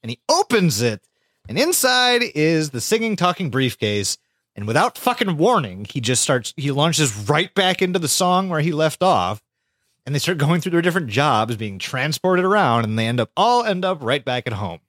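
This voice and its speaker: A man co-hosting a podcast, retelling an episode with lots of swearing and squeaky voiced impressions of the characters. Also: very animated, normal speed, fairly bright tone, no room sound, studio quality. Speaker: podcast co-host. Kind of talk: casual podcast recap.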